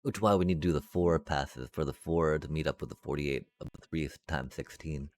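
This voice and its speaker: He has a very deep, slightly mellow voice and talks a little fast while live-streaming a block-building game. Addressing his chat, he thinks aloud, hums sound effects, and tends to mutter and drift off.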